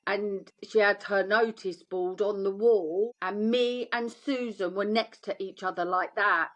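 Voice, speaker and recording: A middle-aged woman, a guest telling her story in an interview and acting out the voices of the people in it. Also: mid-range voice. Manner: animated, acts out quoted voices.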